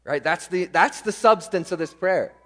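A man preaching a sermon as pastor, pressing hard on key words and then dropping to quiet asides. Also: high voice, normal speed. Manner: emphatic, swings between loud stresses and quiet asides. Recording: long hall reverb.

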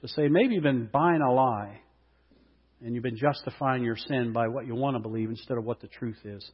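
A man's voice: mid-range voice, brisk, husky. A male pastor giving an Easter sermon in an earnest way, building to emphatic peaks and reading scripture aloud. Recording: dull lo-fi sound with long hall reverb.

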